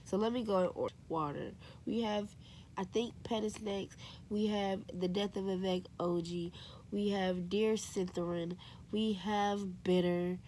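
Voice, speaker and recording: A young woman chatting casually to camera in a book vlog, excitable and full of "like" and "y'all". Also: medium pitch, unhurried, slight background noise. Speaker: book vlogger.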